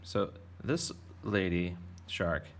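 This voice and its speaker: A man's voice: low voice, extremely slow, slight background noise. A man teaching a drawing lesson for kids, talking in a playful, rambling, jokey way as he draws. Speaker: art teacher.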